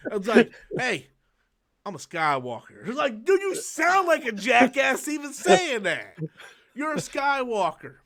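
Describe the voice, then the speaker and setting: A man's voice: very high voice, big pitch swings, measured pace, a bit bright. A young man hosting a casual live-stream chat, ranting with heavy profanity and mocking impressions. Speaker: channel host.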